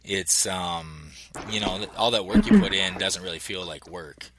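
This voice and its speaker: A man's voice: sits low, moderate pace, a bit bright. A man with a Minnesota accent hosting a podcast, asking easygoing questions in casual chat. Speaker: podcast host.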